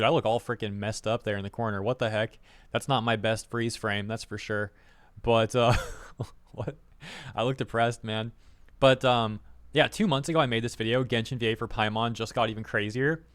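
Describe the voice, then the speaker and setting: A man's voice: mid-range voice, fairly even intonation, a little fast. A man giving casual reaction commentary as a streamer, rambling and exasperated, with lots of "like" fillers.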